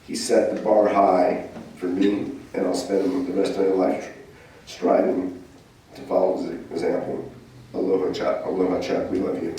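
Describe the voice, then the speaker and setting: A man's voice: low-pitched, flat delivery, moderate pace, mellow, slight background noise. A man in his sixties giving a humorous eulogy for his father-in-law at a memorial service. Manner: humorous storytelling. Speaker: eulogy speaker, son-in-law. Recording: echoey hall from far off.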